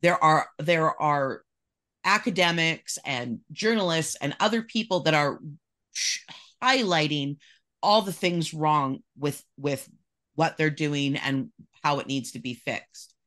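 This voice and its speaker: A woman's voice: deep voice, takes it slowly, a bit bright. A woman from Canada, a podcast guest, talking in casual chat with many restarts and reading excerpts aloud.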